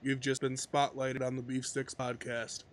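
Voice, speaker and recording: A man's voice: mid-range voice, monotone, moderate pace, crowd noise. A man co-hosting a podcast, chatting casually and cracking jokes. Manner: joking, wisecracking. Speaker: podcast co-host. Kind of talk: casual chat.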